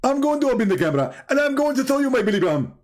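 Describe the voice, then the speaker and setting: A man doing a shrill mock preacher. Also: sing-song, rapid-fire. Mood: mock earnest. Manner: exaggerated, insistent claims. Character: mock impression of a male Muslim preacher, earnest and absurd.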